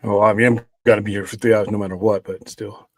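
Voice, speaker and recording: A man's voice: lowish voice, little pitch movement, quick pace, a little mellow, dry recording, low-quality recording. A man hosting a charity movie livestream in casual chat, rambling and swearing freely. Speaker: livestream host.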